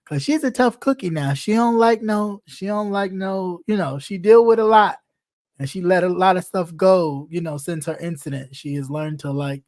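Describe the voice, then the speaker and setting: Brief: gossip commentator, middle-pitched, blunt and cussing, teasing tone, close dry mic. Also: normal speed, darkish tone, no room sound. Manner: blunt, profane and teasing, laughs often. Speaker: online commentator.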